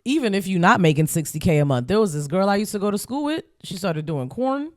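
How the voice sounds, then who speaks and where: A woman co-hosting a gossip podcast, blunt and sassy with lively pitch. Her voice sounds dry and close, with no room echo. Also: quick pace. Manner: blunt, sassy, laughs a lot. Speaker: podcast co-host. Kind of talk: casual gossip chat.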